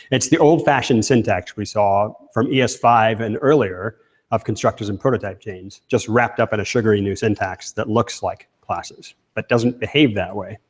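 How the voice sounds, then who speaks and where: A man giving a live technical talk, speaking casually and asking the audience questions. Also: lowish voice. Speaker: conference speaker. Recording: long hall reverb.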